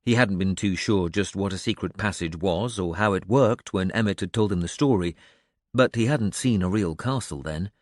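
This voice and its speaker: A male audiobook narrator with a fairly low voice, reading in an even, measured storytelling manner. The recording is close and dry, with no room sound. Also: dry recording. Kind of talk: scripted narration.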